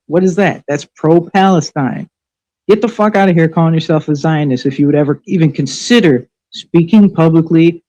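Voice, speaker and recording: A woman's voice: low voice, mellow, highs cut off. Furious, profane woman ranting live. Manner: angry, profane, sarcastic; scolding, rhetorical questions. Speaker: livestream show host.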